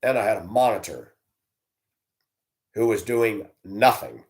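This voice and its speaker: A man telling stories about his years as a school bus driver, blunt and animated, acting out the voices he quotes. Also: fairly low pitch, unhurried. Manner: blunt, plain-spoken. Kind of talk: storytelling monologue.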